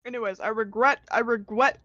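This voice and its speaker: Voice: medium pitch, steady tone, a little fast, a bit bright, dry recording, lo-fi sound. A player in a casual tabletop game, laughing, swearing and exasperated.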